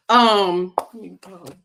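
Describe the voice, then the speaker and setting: A woman leading her sales team's meeting in a casual livestream, chatty and teasing as she works through sums out loud. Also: mid-range voice. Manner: chatty, teasing, thinks aloud while working sums. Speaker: sales team leader.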